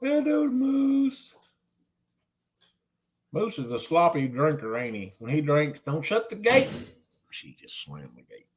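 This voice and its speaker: A vlogger filming at home, cooing at a baby and calling to the dogs in a drawn-out, sing-song voice, caught on a handheld phone. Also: mid-range voice, wildly swooping pitch. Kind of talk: casual home vlog chatter. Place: home, kitchen and living room.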